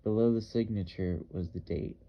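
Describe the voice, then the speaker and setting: A man narrating an audiobook in the first person, with measured, even storytelling. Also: fairly low pitch, dull audio.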